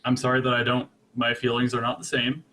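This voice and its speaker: A man's voice: mid-range voice, completely flat delivery, brisk, pushed and bright, a little hiss or hum. A young man playing his character in a tabletop game, earnest yet comic, stammering and laughing often. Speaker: player. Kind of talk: in-character tabletop role-play, casual and joking.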